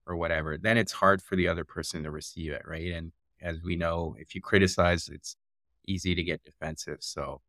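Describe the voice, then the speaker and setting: A man hosting a podcast, talking in a calm, agreeable way with frequent affirmations. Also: low-pitched, a little fast, dry recording, clean studio sound. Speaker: podcast host. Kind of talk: podcast conversation.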